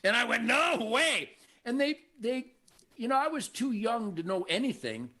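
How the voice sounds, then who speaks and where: An older man from Michigan hosting a show, telling stories in a cocky, animated way and acting out the voices of people he quotes. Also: extremely high pitch, normal speed. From Michigan, USA. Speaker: show host. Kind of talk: casual storytelling conversation.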